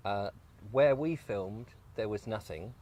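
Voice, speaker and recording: A guest who makes videos talks while eating breakfast on an allotment, joking and wandering off topic, sometimes with his mouth full. He takes it slowly in a lowish, mellow male voice.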